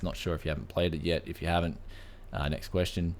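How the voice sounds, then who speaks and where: A man's voice: sits low, fairly even intonation, fairly quick, smooth. A young Australian man hosting a casual tech podcast, laid-back, saying "man" a lot between fillers. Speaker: podcast host.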